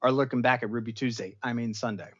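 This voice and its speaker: Animated man rambling through a recap. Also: quick pace, lo-fi sound. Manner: animated, rambling storyteller with big swings in pitch and loudness. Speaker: pop culture show host. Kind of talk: casual episode recap livestream.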